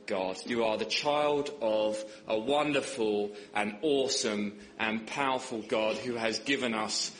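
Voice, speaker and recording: A man's voice: unhurried, hardly any pauses, fairly bright tone. A young man preaching a sermon in church, joking and telling stories, his voice rising for emphasis. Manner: humorous, storytelling, rises in pitch for emphasis. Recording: echoey church hall with faint background noise.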